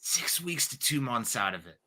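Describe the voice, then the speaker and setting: A young adult man co-hosting a casual wrestling podcast, telling the story with excited, profane energy. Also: mid-range voice, moderate pace. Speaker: podcast co-host.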